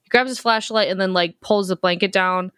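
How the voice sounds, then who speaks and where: A woman in her thirties co-hosting a podcast, recapping a horror film in a lively, profane, joking way. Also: medium pitch, fairly quick, clean tone, dry recording, clean studio sound. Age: 30s. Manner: profane, animated storytelling. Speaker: podcast co-host.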